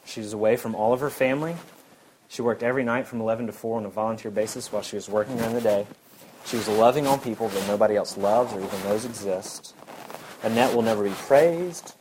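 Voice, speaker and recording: A man's voice: lowish voice, fast talker, background noise. A man preaching a sermon in an earnest, emphatic way, repeating his key points.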